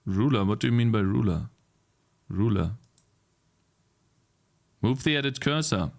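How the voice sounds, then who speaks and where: A man's voice: on the low side, animated, a little slow, gravelly. A man streaming his game development live, talking casually, reading chat aloud and ranting in exasperation with frequent swearing. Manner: reads chat messages aloud and answers them.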